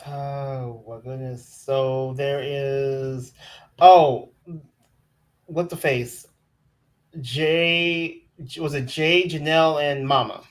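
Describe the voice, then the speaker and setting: A woman co-hosting a live-streamed recap show, telling what happened in an animated, rambling way. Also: a bass voice, drawn-out words. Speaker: co-host.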